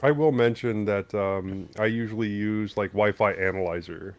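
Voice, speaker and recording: Man, co-host, somewhat low pitch, teasing, casual podcast chat. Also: moderate pace, slight background noise. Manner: teasing, ribbing his co-host.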